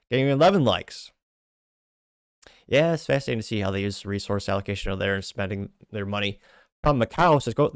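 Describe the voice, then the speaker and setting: A man's voice: on the low side, fast talker, smooth, no room sound. Dry-voiced man reading comments aloud. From United States. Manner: wry asides between read-outs. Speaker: show host.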